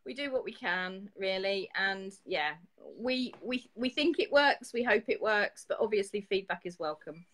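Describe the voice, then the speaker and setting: A woman co-hosts a live poetry show in relaxed conversation. Her voice sits at a middling pitch. She talks casually, padding her thoughts with fillers and a teasing edge. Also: moderate pace, hardly any pauses, rough recording. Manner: easygoing, teasing, hedges with "you know" and "really". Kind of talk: casual live-stream chat.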